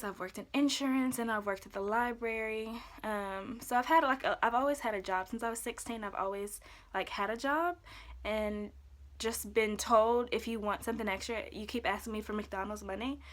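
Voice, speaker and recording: Young woman vlogger, quick and chatty, lots of likes and ums, upbeat sit-down talk. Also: fairly high pitch. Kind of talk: casual chat to camera.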